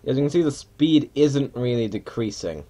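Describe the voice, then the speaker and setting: A man's voice: medium pitch, animated, moderate pace, mellow. A man giving casual, rambling commentary while playing a flight simulator. He mutters and mocks himself, and now and then slips into mock pilot announcements.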